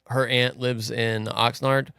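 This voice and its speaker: A man's voice: medium pitch, little pitch movement, slow pace, creaky, bright, forceful tone, clean tone, no room sound, studio quality. A male podcast co-host chatting casually in a laid-back way. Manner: laid-back, reads listener reviews aloud.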